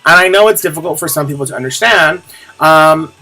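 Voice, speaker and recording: A man's voice: fairly high pitch, brisk, sharp tone, faint music behind. A young man talking candidly to camera in a casual confessional vlog, rambling with lots of fillers and restarts and the odd swear word. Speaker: vlogger.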